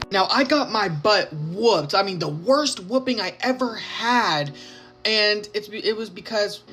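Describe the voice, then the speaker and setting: A man casually telling a comic story from his childhood, animated, swinging between loud and soft and drawling his punchlines. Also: high voice. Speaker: storytime narrator.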